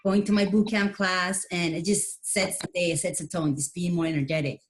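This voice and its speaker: Chatty woman with a lower voice. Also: steady tone, fairly quick. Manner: chatty, light laughs. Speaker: call participant. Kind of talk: casual sharing.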